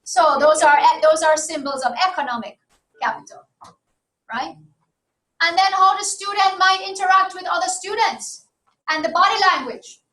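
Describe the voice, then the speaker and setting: High-voiced woman lecturing a class. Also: normal speed, pushed and bright. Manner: conversational, asks the class for agreement. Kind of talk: university lecture. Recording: echoey room from far off.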